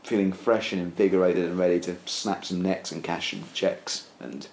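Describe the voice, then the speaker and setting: Deep-voiced man rambling through a comic tale. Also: moderate pace. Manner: rambling, deadpan, many fillers. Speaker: storyteller. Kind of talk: casual comic storytelling. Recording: roomy echo, faint ambience.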